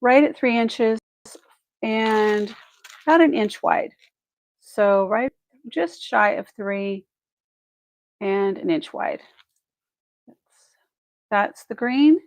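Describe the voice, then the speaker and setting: Gravelly-voiced woman hosting a live sale. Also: fairly high pitch, takes it slowly, pauses often, no echo, rough recording. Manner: chatty and effusive, thinking aloud while measuring pieces. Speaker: live sale host and jewelry seller. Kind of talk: live shopping stream chat.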